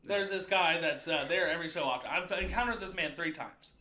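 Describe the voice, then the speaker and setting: A young man from the Midwest with a high voice, co-hosting a crude comedy podcast. His tone is very bright and sharp. He tells rambling, profane stories and acts out the people in them. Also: brisk, echoey room. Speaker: podcast co-host. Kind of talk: casual comedic storytelling.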